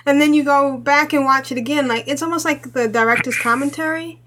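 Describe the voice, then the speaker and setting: High-voiced chatty woman podcast host. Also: steady tone, fairly quick, pushed and bright, a little hiss or hum. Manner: chatty, laughs often. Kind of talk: casual chat.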